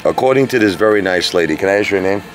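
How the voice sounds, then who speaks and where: A man's voice: sits low, expressive, rapid-fire, faint music behind. A man chatting casually to camera while ordering food at a restaurant table, rambling and restarting his sentences.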